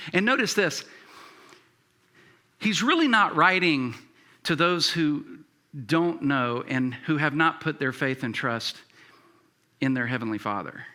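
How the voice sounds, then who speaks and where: A male pastor delivers a sermon in a relaxed, conversational way, often restarting his sentences and filling pauses. His voice is very bright and forceful, and pitched somewhat high for a man. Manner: conversational, many fillers and restarts.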